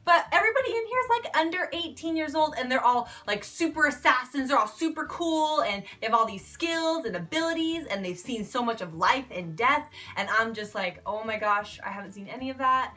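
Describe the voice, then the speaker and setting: A woman's voice: high voice, lively intonation, brisk, hardly any pauses, sharp tone. A woman in her twenties, talking casually and with bubbly enthusiasm in a book review vlog. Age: 20s.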